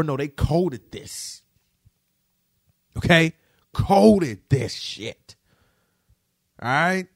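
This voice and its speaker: Guy telling a story, mid-pitched voice, swears a lot, keeps asking if you get him. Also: no echo, studio quality. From Detroit. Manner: animated, profane, keeps checking in with the audience. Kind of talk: casual storytelling to camera.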